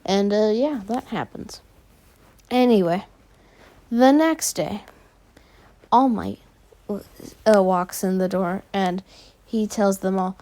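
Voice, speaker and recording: A woman casually narrating a fan story, filling pauses with frequent "uh"s. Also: medium pitch, mellow.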